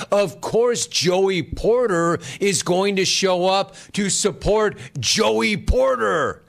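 A sports talk host with a fairly high voice riffs sarcastically on the news. He laughs often and teases fans, and his delivery stays animated. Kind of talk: casual sports talk, reading chat.

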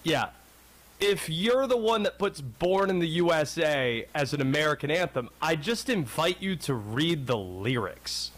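Man, sports talk radio host, from North Carolina, thirties, wry, rambling, very expressive swings in pitch. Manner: animated, wry, digressive.

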